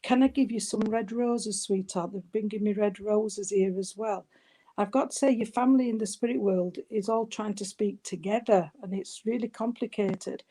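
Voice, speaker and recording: A woman, working as a spiritualist medium and giving a spirit reading at a service. She talks gently and soothingly, calling the listener sweetheart and darling, and often stops and restarts her sentences. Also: medium pitch, steady tone, normal speed. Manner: hesitant, with frequent restarts.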